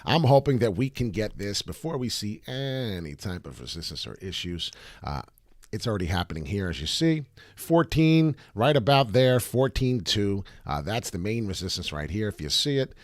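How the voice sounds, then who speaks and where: A man's voice: on the low side, normal speed, dry recording. A man hosting a casual crypto trading walkthrough, swearing and throwing out hype catchphrases as he goes over charts. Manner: animated, profane, hype catchphrases. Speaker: crypto trading channel host.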